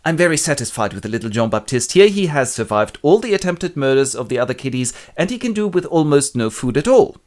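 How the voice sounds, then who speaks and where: A man voicing a cold, money-minded foster mother who talks in a brisk, businesslike way. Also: on the high side, very animated, a little mellow, voice pushed up.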